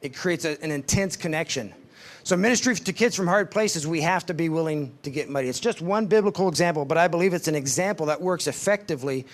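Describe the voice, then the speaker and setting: A man giving a devotional talk at a ministry summit, telling stories and acting out the people in them, slowing down for emphasis. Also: fairly high pitch. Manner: storytelling, acts out quoted voices, slows for emphasis.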